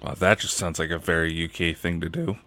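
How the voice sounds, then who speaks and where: A man's voice: low voice, fairly even intonation, brisk, pushed and bright. A man co-hosting a casual podcast chat, laid-back and dry, with sighing asides. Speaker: co-host.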